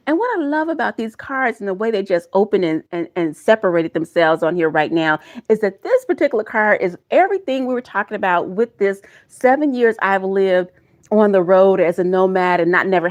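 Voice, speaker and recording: Speaking at a middle pitch, a middle-aged woman delivers a live tarot reading to her viewers in a folksy, emotional manner, sometimes drifting into preachy encouragement. She's expressive and talks a little fast, and the recording's highs are cut off.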